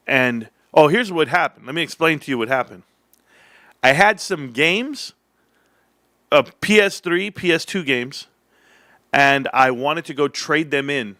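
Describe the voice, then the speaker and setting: A man's voice: a little high, animated, unhurried, long pauses, sharp tone, no room sound, clean studio sound. A middle-aged man telling a long personal story in a casual, rambling way, acting out the dialogue with restarts along the way. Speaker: stock channel host.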